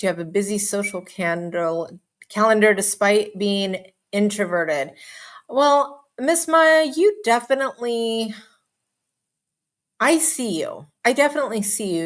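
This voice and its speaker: Woman host, mid-pitched, hyper and chatty, casual live chat read from viewer comments. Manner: bubbly, hyper, talks fast with lots of asides and laughs. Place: home.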